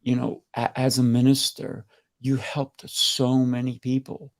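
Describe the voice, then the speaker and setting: Gravelly man hosting, effusive. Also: mid-range voice, completely flat delivery, measured pace. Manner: effusive, repeats words. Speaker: host. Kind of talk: panel show hosting. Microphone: video call.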